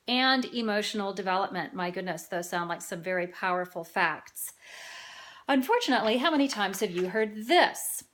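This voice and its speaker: A woman's voice: medium pitch, a bit bright. A woman, a teacher, giving a narrated presentation full of rhetorical questions. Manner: rhetorical questions, acts out parents talking to a child. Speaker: teacher presenting a learning tool.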